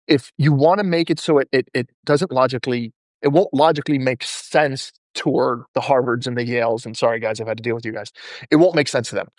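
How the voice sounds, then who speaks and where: A man's voice: mid-range voice, a little fast, no room sound, clean studio sound. A male podcast host telling stories in a casual interview chat and acting out the people he quotes. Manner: animated, acts out quoted people in his stories.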